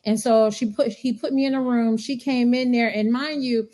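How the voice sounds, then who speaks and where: Woman telling a story in lively casual talk. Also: on the high side, normal speed. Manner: animated, acts out dialogue in quotes. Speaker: podcast guest.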